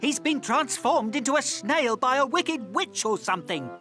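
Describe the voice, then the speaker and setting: A woman's voice: sits high, animated, normal speed. A woman voicing a grumpy, pompous male dog turned into a snail in a cartoon, huffy and exasperated. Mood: indignant. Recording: music playing underneath.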